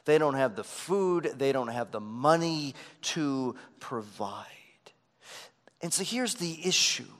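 A man's voice: mid-range voice, lively intonation, slow, long reverb tail. A man preaching a sermon as pastor, earnest and emphatic, often repeating words as he starts a phrase.

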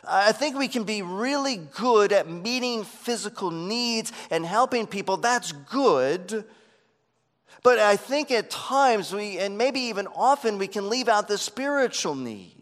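A man's voice: high voice, a bit bright, long reverb tail. A man preaching a sermon as pastor, earnest and emphatic, often repeating words as he starts a phrase.

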